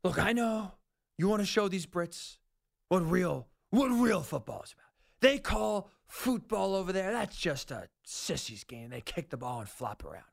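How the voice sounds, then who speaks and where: A man's voice: high voice, very animated, moderate pace, vocal fry, full character voice. A man voicing a blunt, no-nonsense football coach who lectures a player in a paternal, dismissive way. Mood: stern lecturing. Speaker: commentator persona.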